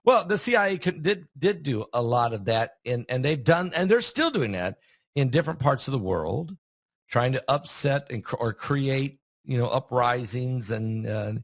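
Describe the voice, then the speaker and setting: A man's voice: medium pitch, no echo, clean studio sound. A man hosting a casual conversation, chatty and asking leading questions. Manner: chatty, asks leading questions, many fillers. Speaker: host and preacher.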